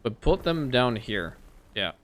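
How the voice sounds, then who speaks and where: A man giving casual let's-play commentary, talking to the game as he plays and muttering to himself, at times breaking into loud exasperated rants. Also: medium pitch, sing-song, unhurried, a little hiss or hum. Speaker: gameplay commentator.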